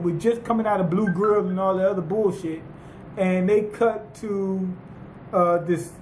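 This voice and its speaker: A man giving a casual, profane manga chapter review, rambling and excitable with lots of fillers. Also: high voice, roomy sound, a little hiss or hum, rough recording.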